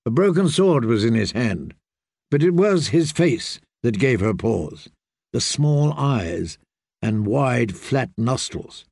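Slow, gravelly male storyteller. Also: mid-range voice, animated, a little mellow, dry recording, clean studio sound. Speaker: audiobook narrator. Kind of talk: scripted narration.

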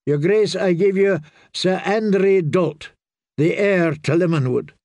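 A man's voice: high voice, unhurried, darkish tone, no room sound, voice pushed up. A man reading an audiobook, voicing a proud young princess who speaks persuasively and soothingly.

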